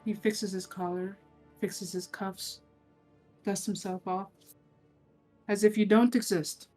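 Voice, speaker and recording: A woman's voice: medium pitch, level tone, slow pace, dark tone, faint music behind. A woman running a tabletop game as game master, narrating scenes in detail and often restarting her phrases. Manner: descriptive, with frequent restarts.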